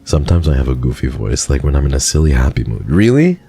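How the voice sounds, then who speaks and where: A man with an extremely low voice, a gravelly fry under his words and a dark, mellow tone chats with his live-stream viewers. He teases them playfully and keeps thanking them, while faint music plays underneath. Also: very animated, fast. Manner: playful and teasing, with frequent thank-yous to viewers. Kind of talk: casual live-stream chat, reading and answering chat.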